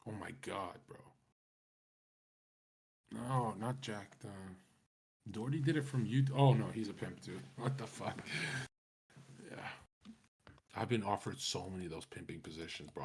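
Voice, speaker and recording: A man's voice: low-pitched, creaky, darkish tone, slight background noise. A young man streaming, talking in a casual, rambling way, swaggering and full of profanity and slang.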